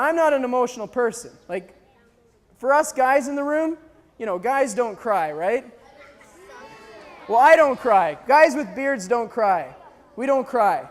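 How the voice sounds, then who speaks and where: A man from Canada tells a gripping survival story to a crowd, his voice sitting very high for a man. He acts out the cries and dialogue with lively energy, and a long hall reverb trails each phrase. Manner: animated storyteller, acting out shouts and dialogue. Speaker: speaker telling a mission story. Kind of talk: storytelling talk to a live audience.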